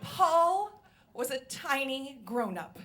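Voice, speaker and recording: A woman comedian telling a funny story on stage, acting out the people in it in quiet, lower voices. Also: sing-song, slow pace, slight background noise. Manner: acts out quoted voices, drops quiet and low for them. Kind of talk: live storytelling performance.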